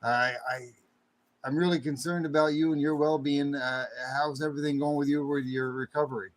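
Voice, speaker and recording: A man hosting a late-night livestream chat in a folksy way, greeting viewers with loud whoops. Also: a little high, fairly even intonation, brisk, poor audio. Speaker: livestream host. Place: home studio with air conditioner running. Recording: faint air conditioner hum.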